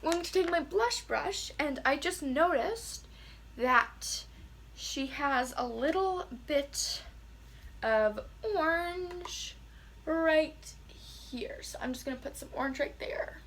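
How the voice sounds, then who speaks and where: A woman's voice: high voice, expressive, slow, fairly bright tone. A woman beauty vlogger talking casually as she does her makeup, chatty and a little self-deprecating. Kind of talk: casual makeup tutorial chat.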